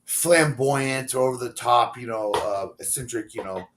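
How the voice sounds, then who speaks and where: A man's voice: medium pitch, moderate pace, background noise. A middle-aged man, a professional wrestler guesting on an interview show, telling stories in a rambling, casual way and acting out the dialogue he quotes.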